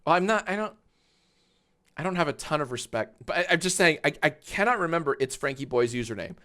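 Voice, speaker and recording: A man streaming live and reacting to a clip, talking in a halting, rambling way with sudden swearing outbursts. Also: fairly high pitch, lively intonation, bright, forceful tone.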